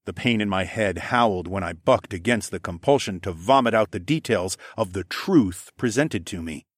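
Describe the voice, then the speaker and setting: A man reads a first-person fantasy story in a fairly low voice. His delivery is expressive and his intonation is lively. The recording is dry, with no room sound. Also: normal speed, no echo. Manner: expressive, acts out dialogue. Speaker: audiobook narrator.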